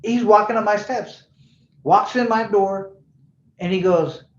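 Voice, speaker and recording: Rambling storyteller in a roomy space. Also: male voice, high-pitched, measured pace. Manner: loose, rambling storyteller who acts out quoted voices. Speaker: bail bondsman guest. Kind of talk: casual storytelling interview. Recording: roomy, dull-sounding room.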